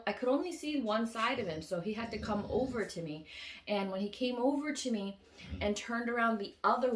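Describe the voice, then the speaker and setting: A woman telling a long dream story in a casual, rambling way, full of fillers and restarts, who loudly acts out her own quoted lines. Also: medium pitch, background noise. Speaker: vlogger recounting a dream.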